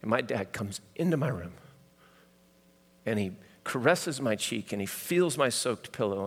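A man's voice: on the low side, lively intonation, normal speed, breathy edge. Storytelling pastor, man, echoing hall. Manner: storytelling, swings from loud to hushed. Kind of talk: sermon. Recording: hall reverb.

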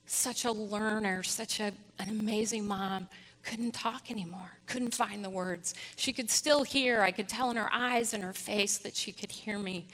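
A woman's voice: medium pitch, bright, forceful tone. A woman giving a sermon, telling a personal story in an earnest way and leading her congregation in prayer. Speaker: preacher. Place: church hall. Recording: long hall reverb.

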